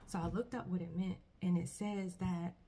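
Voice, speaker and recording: A woman talking casually to camera about her faith. She speaks earnestly and haltingly, starting sentences over often. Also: lowish voice, flat delivery, husky. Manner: earnest, halting, soft-spoken with many restarts. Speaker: vlogger. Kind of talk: personal faith testimony, casual talk.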